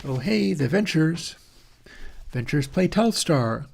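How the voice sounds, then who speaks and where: A man's voice: on the high side, animated, slow, gravelly, a little mellow. Rambling man musing aloud. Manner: musing, thinking aloud, frequent fillers and self-corrections. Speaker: host of an audio plugin channel. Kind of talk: casual rambling chat.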